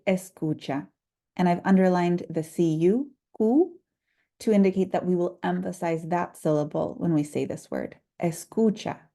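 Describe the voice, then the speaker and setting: A woman teaching a short Spanish lesson for school staff, explaining clearly and patiently and slowing down to model words. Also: lowish voice, warm tone. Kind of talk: instructional video lesson.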